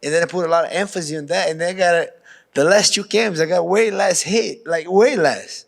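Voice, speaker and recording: A man's voice: high voice, fairly quick, creaky. Frank Brazilian-accented man talking casually. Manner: casual, frank, restarts often, says "bro". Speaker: professional fighter. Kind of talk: pre-fight media interview.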